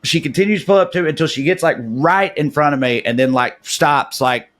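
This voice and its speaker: A man's voice: on the high side, brisk. A man, co-hosting a podcast and telling a story in casual chat, rambling with lots of fillers. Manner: rambling, many "like" fillers, animated retelling. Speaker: podcast co-host.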